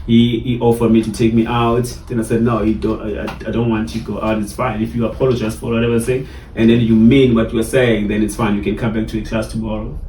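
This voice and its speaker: A man from South Africa with a South African Xhosa English accent, telling lively stories in a casual chat with many fillers and repeats. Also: on the low side, quick pace, few pauses, slight background noise. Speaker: barista trainer, guest. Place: in a car. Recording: roomy sound, mic at a distance, faint ambience.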